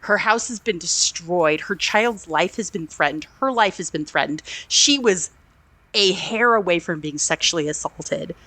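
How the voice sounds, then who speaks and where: A woman co-hosting a movie review podcast over a remote call, talking in an animated, indignant way and acting out quotes from the film in lively voices. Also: on the low side, a little slow, no room sound. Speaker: podcast co-host. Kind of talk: casual movie review chat.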